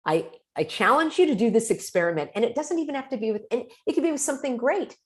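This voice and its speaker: Woman host, casual advice talk, lively pitch that swoops up for acted-out reactions. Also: quick pace. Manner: animated, acts out quoted reactions.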